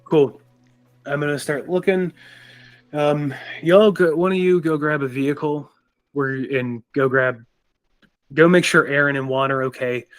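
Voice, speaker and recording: A man's voice: fairly high pitch, steady tone, unhurried, soft background music. A man playing a tabletop game, stating his character's actions in a blunt, matter-of-fact way with casual swearing. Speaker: player. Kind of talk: casual tabletop role-play.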